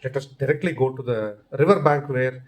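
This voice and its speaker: A man's voice: mid-range voice, a little fast, close to an everyday voice. Man voicing a patient city-returned friend. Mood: reasoning.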